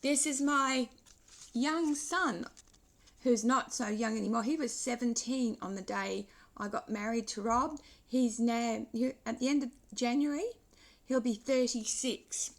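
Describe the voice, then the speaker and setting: Older lady in her 60s, high voice, talks slow and thoughtful, rambles a bit, vlog style. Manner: reflective, wandering speech with pauses and restarts. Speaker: vlogger. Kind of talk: reflective personal vlog.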